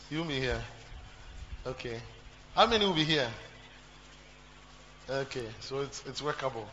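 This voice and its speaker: Male pastor, sermon, chatty and repetitive; higher voice, dull humming recording. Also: pushed and bright. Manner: repetitive, talks to the congregation, jokes and asks questions. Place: church.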